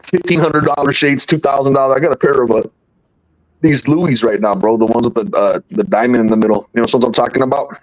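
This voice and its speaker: Man, relaxed podcast co-talker, casual and profane. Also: mid-range voice, fast, highs cut off. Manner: laid-back, profane, calls the other man "bro".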